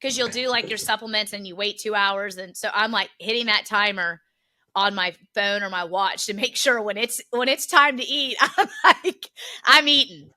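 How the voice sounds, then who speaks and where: Casually chatting on the podcast she co-hosts, a Philadelphia-area woman relates an amusing everyday story with plenty of laughter. Her mid-range voice is bright and forceful, at a normal speed.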